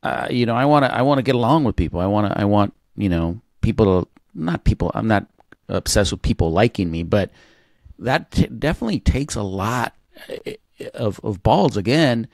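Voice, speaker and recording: A man's voice: lowish voice, animated, moderate pace, gravelly, darkish tone, no room sound, studio quality. A man hosting an interview, reacting casually and searching for words as he asks his questions. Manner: reactive, casual, with frequent affirmations and restarts. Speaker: podcast host.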